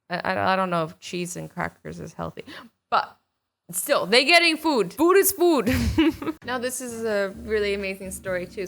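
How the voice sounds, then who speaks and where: A woman's voice: fairly high pitch, fairly bright tone. A young woman hosting a casual reaction video, bubbly and giggly, saying "like" a lot. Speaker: YouTube reaction host.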